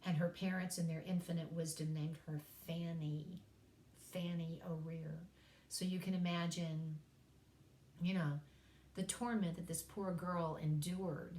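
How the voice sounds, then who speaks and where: A woman's voice: fairly low pitch, fairly even intonation, unhurried, warm tone, slight background noise. Folksy woman telling classroom stories. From East Tennessee, USA. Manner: folksy storytelling, self-deprecating humor. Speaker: college English teacher. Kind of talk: recorded course lecture. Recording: echoey room.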